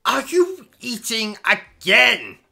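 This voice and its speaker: A man's voice: extremely high pitch, big pitch swings, slow, creaky, bright, forceful tone, faint music behind. A man hosting comic gameplay commentary, boastful, pompous and insulting. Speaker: gaming comedy host.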